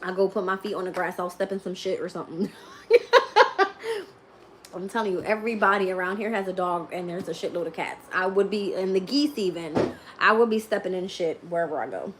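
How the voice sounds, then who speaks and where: A woman's voice: on the low side, a little fast, a little hiss or hum. Laughing, swearing woman streamer. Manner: laughs often, swears freely, animated storytelling. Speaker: tarot reader streamer. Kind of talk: casual live-stream chat.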